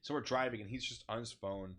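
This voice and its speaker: A man telling a story in a casual, animated way, laughing and swearing as he goes. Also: mid-range voice, fast talker.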